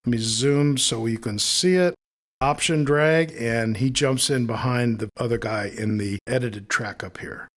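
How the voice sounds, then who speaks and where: A man with a voice of ordinary, mid-range pitch leads a screen-recorded lesson on audio editing. He talks in an easy, explanatory way and thinks aloud as he works through each step on screen. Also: unhurried. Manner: relaxed, explanatory, thinking aloud while demonstrating. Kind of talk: screen-recorded software tutorial.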